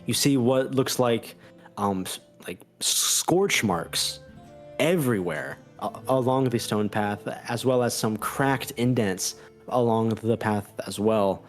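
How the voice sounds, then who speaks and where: A man narrating a tabletop game as game master, halting and full of fillers and restarts. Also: mid-range voice, faint music behind.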